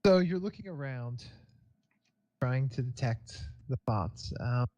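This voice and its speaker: Hesitant game master on voice chat. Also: male voice, medium pitch, animated, slow, a little mellow. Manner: rambling, hesitant, full of ums. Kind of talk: narrating a tabletop game over voice chat. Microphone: home microphone with a sound gate.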